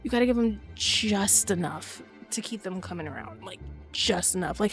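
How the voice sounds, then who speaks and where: A woman's voice: mid-range voice, moderate pace, a little mellow, faint music behind. A woman in her twenties streaming a game and chatting in a loose, slangy, profane way, laughing often. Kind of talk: casual gaming stream chat.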